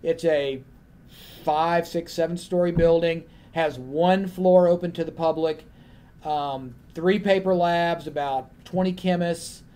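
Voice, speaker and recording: A man on a panel telling a lively anecdote and acting out the other people in his story. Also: on the high side, measured pace, clean tone.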